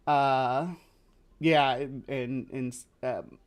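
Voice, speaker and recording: A male livestream host from the lower Midwest of the US, chatting casually and rambling with lots of fillers and restarts. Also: little pitch movement, drawn-out words, smooth.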